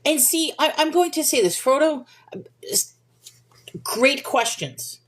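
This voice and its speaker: A woman's voice: high-pitched, animated, slow. A woman hosting a livestream, answering viewers' questions in a casual, rambling Bible discussion and apologizing for wandering off topic.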